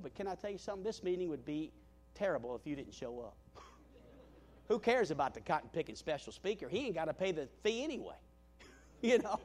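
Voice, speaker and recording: A man preaching a sermon as a guest speaker in a church. He swings between loud emphatic calls and hushed tender asides, repeats his phrases and stumbles over restarts. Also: sits high. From Southern United States. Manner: stammering restarts. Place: church meeting hall.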